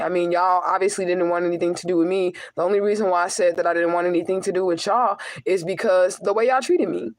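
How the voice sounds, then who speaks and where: A woman's voice: fairly low pitch, quick pace, few pauses, dry recording, low-quality recording. A young adult woman, talking in a raw, confessional personal vlog. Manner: raw, confessional, swearing, talks to her cat. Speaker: vlogger and spiritual reader.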